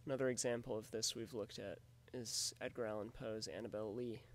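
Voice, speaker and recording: Man, teacher, gravelly voice, methodical, explaining poetry. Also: fairly low pitch, fairly even intonation, a little fast. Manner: methodical, explanatory, often says "in fact". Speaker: literature teacher. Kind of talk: recorded lecture on poetry.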